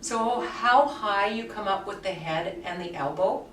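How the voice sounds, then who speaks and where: A woman yoga teacher guiding a somatic movement class with soft, soothing cues. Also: medium pitch, measured pace, noisy background. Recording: echoey room, mic far off, faint music.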